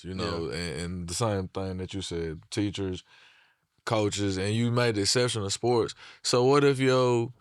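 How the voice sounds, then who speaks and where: A man's voice: lowish voice, fairly even intonation, a little slow, clean tone, no echo, studio quality. A man hosting a casual podcast chat, questioning the others with hypothetical scenarios.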